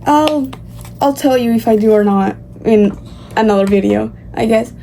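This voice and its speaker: A young woman giving a casual, rambling vlog update about her reading, chatty and excitable but sleepy. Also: fairly high pitch, normal speed, gravelly, a little hiss or hum. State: sleepy and tired. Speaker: book vlogger.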